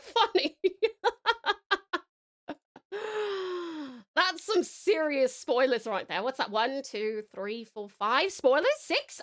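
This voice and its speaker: An Australian woman from Tasmania with a high, bright voice chats with her viewers on a live stream. She is bubbly and excitable, breaking into giggles as she talks. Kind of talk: casual live-stream chat.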